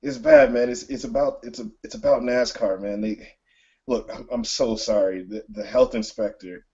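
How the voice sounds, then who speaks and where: Man playing a tearful racing team boss, stammering, pleading, higher-pitched, muffled lo-fi sound. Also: big pitch swings, moderate pace, vocal fry, a little mellow, husky, heavily acted. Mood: distraught.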